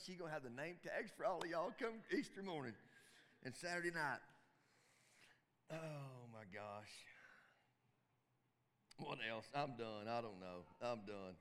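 A man's voice: mid-range voice, lively intonation, a little slow, pauses often, fairly bright tone. A man preaching to church volunteers in a folksy, emphatic way, often repeating his phrases. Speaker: pastor. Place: church sanctuary. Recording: long reverb of a church hall.

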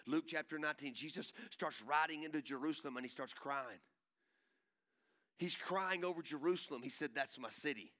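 A male pastor preaching a sermon in an emphatic, folksy way, repeating phrases and building up to shouts. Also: fairly high pitch, normal speed. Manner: emphatic, repetitive, swells into shouting; folksy and country in tone.

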